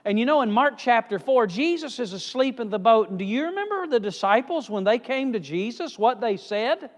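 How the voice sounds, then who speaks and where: A male evangelist preaching a sermon with emphatic swings in pitch and loudness, recorded in a church hall. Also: animated, brisk. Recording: reverberant hall.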